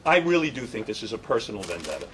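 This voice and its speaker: A man's voice: fairly low pitch, big pitch swings, fast, fairly bright tone, slight background noise, rough recording. A middle-aged man, a radio broadcaster, giving an indignant, sarcastic statement and taking questions at a press conference.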